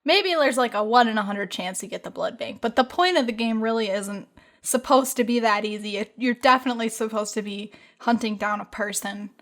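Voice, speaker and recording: A woman co-hosting a casual podcast chat, giggling as she pitches a silly game idea. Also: fairly quick, fairly bright tone. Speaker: podcast co-host.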